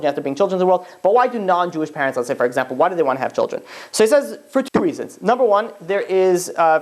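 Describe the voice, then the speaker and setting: A man, a rabbi, giving a storytelling sermon to a live audience, acting out the characters' lines as he goes. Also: a little high. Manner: lively storyteller who acts out the characters' dialogue.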